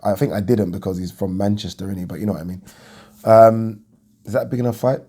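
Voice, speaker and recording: Young guy, mellow tone, just chatting about a fight, kinda rambly. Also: lowish voice, steady tone, quick pace, slightly rough. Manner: rambling, restarts a lot, thinks aloud. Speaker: boxing pundit vlogger. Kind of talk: casual reaction chat.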